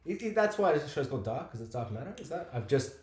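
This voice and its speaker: A man co-hosting a podcast in casual chat, rambling and halting, with casual swearing. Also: on the high side, big pitch swings, crowd noise. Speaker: podcast co-host. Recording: roomy echo.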